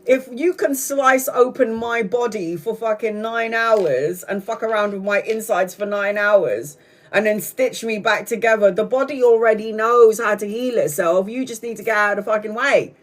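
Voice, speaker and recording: A woman's voice: mid-range voice, normal speed. A woman tarot reader hosting a live stream, chatting casually, telling a story bluntly with lots of swearing and frequent laughter. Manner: profane, blunt, animated storyteller; laughs often while talking.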